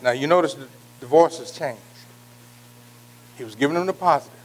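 A man's voice: on the high side, a little fast, pauses often. A man teaching an informal Bible study, folksy and repetitive, calling out to listeners by name.

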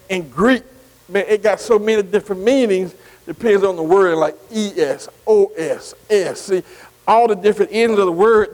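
A high-pitched man leads a Bible study class. He spells out Greek words letter by letter and keeps checking that the group is with him, with "see" dropped between phrases. His voice rings out with a long, lingering reverb. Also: darkish tone. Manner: keeps asking the class to follow along.

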